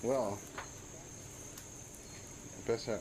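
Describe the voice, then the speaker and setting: A man's voice: medium pitch, fairly even intonation, drawn-out words, background noise. A man chatting casually and easily about playing music. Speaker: podcast co-host, musician. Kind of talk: casual phone chat.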